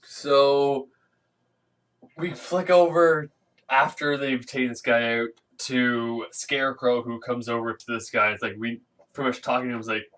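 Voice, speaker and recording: A man's voice: mid-range voice, fairly even intonation, measured pace, fairly bright tone, distant mic, poor audio. A man casually recapping a comic book issue, rambling with lots of fillers and restarts and acting out the characters' lines in silly voices. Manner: rambling, filler-heavy, acts out quotes in funny voices.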